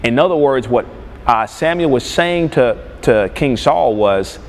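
Male pastor, mid-pitched, slow emphatic sermon delivery, calls for answers from the pews, reverberant sanctuary with a faint hiss. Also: lively intonation. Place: church sanctuary. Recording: long hall reverb, faint background noise.

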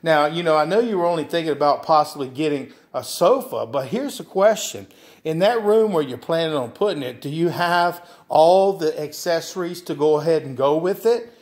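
A man with a fairly high speaking voice gives an easygoing lesson on selling furniture. He talks casually, repeats his phrases and slips into short acted exchanges with customers. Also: animated, moderate pace. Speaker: furniture sales trainer. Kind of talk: instructional talk with acted sales dialogue.

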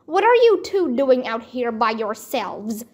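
A stern, suspicious male game ranger from a storybook, firm and doubtful, as a woman reads him. The voice stays high and the pace slow. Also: very animated, darkish tone.

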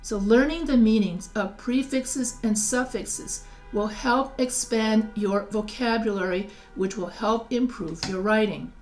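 A woman's voice: on the high side, measured pace, faint music behind. Woman teacher walking through spelling rules, patient, lots of restarts, spells words out. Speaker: writing teacher. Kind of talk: recorded lecture over slides.

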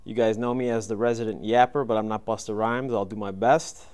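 A man's voice: lowish voice, fairly quick. Brash, jokey man reading a sports recap. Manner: brash, jokey, deadpan asides. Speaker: podcast co-host.

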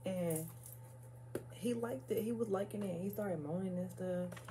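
A woman's voice: medium pitch, a little slow, background noise. A young woman vlogger telling a casual story, chatty and profane, full of "like" and "y'all," laughing nervously. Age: young adult.

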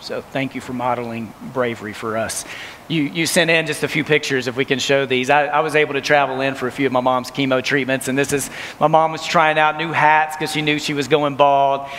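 A young man gently interviewing his mother on stage at a camp, affirming and warm in his words. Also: medium pitch, steady tone, a little fast, slight background noise, rough recording. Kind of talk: onstage interview.

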